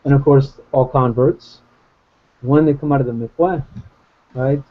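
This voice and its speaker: A man's voice: mid-range voice, fairly even intonation, unhurried, phone-quality sound. A man in a casual Bible study discussion on a video call, rambling and hesitant but good-humored.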